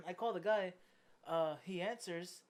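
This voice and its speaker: A young adult podcast host at a middle pitch spins a long, profane story in relaxed chat. The delivery keeps breaking into laughter and grows loud and animated as the tale builds. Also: takes it slowly.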